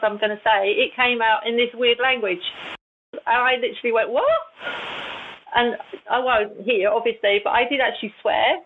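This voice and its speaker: A woman, a guest on an interview, telling stories in a chatty, animated way with frequent laughs. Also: a little high. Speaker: guest, intuitive and channeler. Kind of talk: casual storytelling in an interview. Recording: tinny phone-like line with faint hiss.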